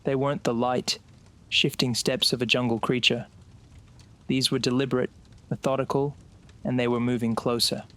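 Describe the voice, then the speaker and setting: A man narrating a scripted horror story in a slow, suspenseful way. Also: medium pitch, little pitch movement, a bit bright.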